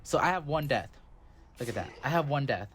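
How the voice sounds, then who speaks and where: A man's voice: medium pitch, expressive, fairly quick, fairly bright tone. A man giving casual, rambling gameplay commentary as a channel host, full of "like" fillers. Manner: rambling and chatty, with many "like" fillers. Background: background music.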